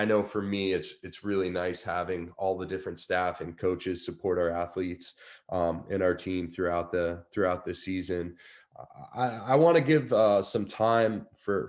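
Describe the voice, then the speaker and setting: A man who coaches a swim team, speaking on a video call panel with a nasal voice from a cold and a halting way of talking. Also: low-pitched, a little mellow. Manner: halting, many fillers and restarts.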